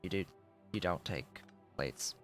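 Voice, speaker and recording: A man's voice: deep voice, measured pace, soft background music. A man streaming a game, muttering offhand, dry remarks to himself as he builds. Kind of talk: casual gameplay commentary.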